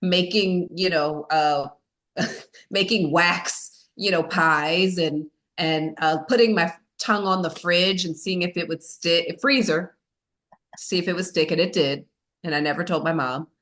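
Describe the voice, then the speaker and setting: A woman's voice: on the low side, steady tone, a little slow, a bit bright. A woman as a podcast guest, telling a personal story in a candid, self-mocking way, with many fillers.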